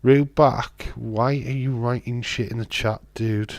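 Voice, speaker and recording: A man's voice: mid-range voice, little pitch movement, measured pace, hardly any pauses, no room sound. A man hosts a live watch-along stream, commenting casually and bantering with viewers as he reads the chat aloud. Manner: bantering and teasing with viewers, frequent restarts.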